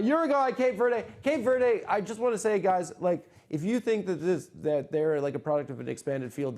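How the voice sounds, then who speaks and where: Excitable, rambling podcast host. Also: male voice, fairly high pitch. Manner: excitable, profane, rambling riffs. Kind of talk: casual comedic podcast chat.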